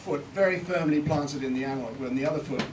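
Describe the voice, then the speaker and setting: Speaking fast in a fairly high voice, a British man presents a live seminar, demonstrating as a recording engineer while chatting, joking, and swearing a bit. The recording is distant and echoey, with noise in the room.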